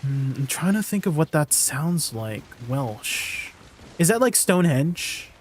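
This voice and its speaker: A man's voice: a little high, sing-song, takes it slowly, a little hiss or hum. A man streaming a game and chatting casually with his viewers, laughing easily as he answers their questions. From Canada. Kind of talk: casual gameplay stream chat.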